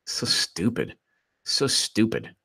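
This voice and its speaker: A man in his forties hosting casual political commentary, animated and quick to laugh, reading quotes aloud in a mocking tone. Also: lowish voice, vocal fry, husky. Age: 40s. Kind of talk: casual live-stream commentary.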